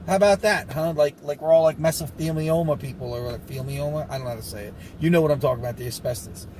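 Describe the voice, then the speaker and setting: A man's voice: fairly high pitch, a little mellow, slight background noise, rough recording. A man ranting casually to camera, rambling and sarcastic with lots of asides, a little short of breath. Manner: rambling, sarcastic, fast-talking with frequent asides. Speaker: vlogger recovering from covid.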